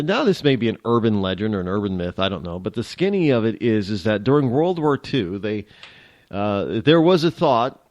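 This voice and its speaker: Animated rambling radio host, dry sound. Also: male voice, mid-range voice, no room sound. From New England. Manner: rambling, joking, self-interrupting. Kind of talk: casual talk radio monologue.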